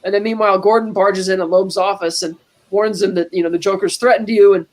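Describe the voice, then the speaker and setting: Woman co-host, mid-pitched and casual, walking through a film scene by scene. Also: steady tone, quick pace, darkish tone. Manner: retells scenes quoting lines with "he's like". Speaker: podcast co-host. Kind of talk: casual movie recap.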